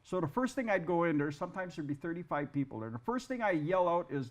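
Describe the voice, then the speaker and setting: A man who is an artist, talking in a casual interview, halting and repeating words, with self-deprecating humor. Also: a little high, sing-song. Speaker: guest artist.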